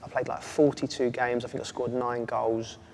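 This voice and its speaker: A man, a former footballer telling animated stories as an interview guest. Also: mid-range voice, normal speed. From England. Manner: animated storyteller, does voices and laughs. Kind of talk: casual chat. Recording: long reverb, faint ambient noise.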